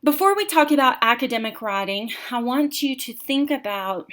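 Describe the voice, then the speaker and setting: A woman in her twenties or thirties giving a recorded college writing lecture, reading example passages aloud with expressive rhythm and emphasis. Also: on the high side, normal speed.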